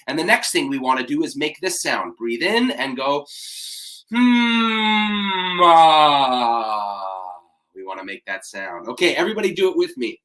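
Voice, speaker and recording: Energetic man coaching a live workshop. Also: fairly high pitch. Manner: energetic, coaching, leads vocal exercises. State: voice cracking slightly. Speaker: public speaking trainer. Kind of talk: live-streamed warm-up workshop.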